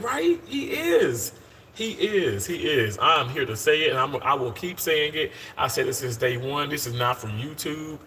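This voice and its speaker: A man's voice: mid-range voice, bright, forceful tone, a little hiss or hum. A man in his thirties on a casual live stream, upbeat and talkative, calling viewers y'all and often restarting his sentences. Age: 30s. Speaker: live-streaming surgical worker. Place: hospital.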